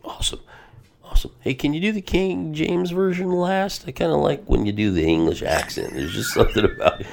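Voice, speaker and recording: A man's voice: a little high, brisk, gravelly, a little hiss or hum. A man hosting a devotional podcast as a pastor, talking casually and energetically, often saying "man" and "bro".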